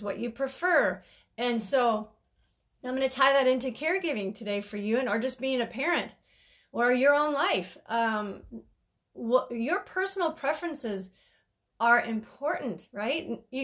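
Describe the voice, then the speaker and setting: A woman's voice: a little high, a bit bright. Stuffy-nosed chatty woman host. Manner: chatty, rambling, laughs often. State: stuffy from allergies. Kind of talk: casual podcast monologue.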